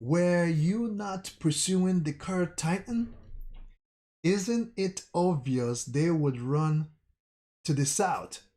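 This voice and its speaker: A man's voice: on the high side, slow pace, dark tone, pitched above the performer's own voice. A man voicing an anxious young male soldier, reading his lines in a raised, urgent way from a manga.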